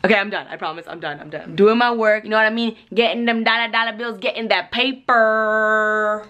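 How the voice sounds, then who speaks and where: A woman's voice: medium pitch, fairly even intonation, rapid-fire, fairly bright tone, lo-fi sound. A young woman chatting casually in a daily vlog, jokey and emphatic. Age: young adult. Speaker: vlogger.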